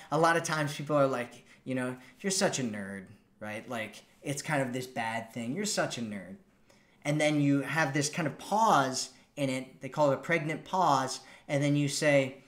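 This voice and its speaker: A man giving casual dating advice on a live stream and acting out example lines in a relaxed, conversational way. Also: fairly high pitch, roomy sound. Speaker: dating coach. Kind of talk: live-stream coaching talk.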